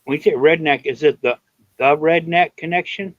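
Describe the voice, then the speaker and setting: A man's voice: a little high, normal speed, no room sound. Older joking man on a muffled call. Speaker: stream guest. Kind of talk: casual live stream chat. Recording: dry muffled call audio.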